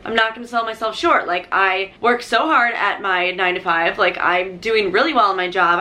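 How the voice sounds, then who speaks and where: A young woman vlogging an unboxing, gushing and bubbly, peppering her talk with "literally" and "like", her pitch jumping high when she is thrilled. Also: sharp tone. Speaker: YouTuber. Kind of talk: excited unboxing vlog.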